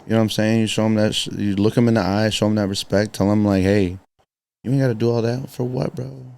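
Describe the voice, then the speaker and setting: A man's voice: on the low side, steady tone, quick pace, vocal fry, a little mellow, clean tone. A man from the south side of Chicago, a podcast guest chatting casually in laid-back street slang. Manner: laid-back street slang, lots of "you know what I'm saying". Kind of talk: casual chat.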